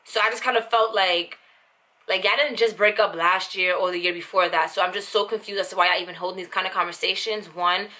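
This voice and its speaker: Bright-voiced, blunt young woman vlogger. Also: mid-range voice, a little fast. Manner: blunt, animated, full of "like". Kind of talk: casual storytime monologue.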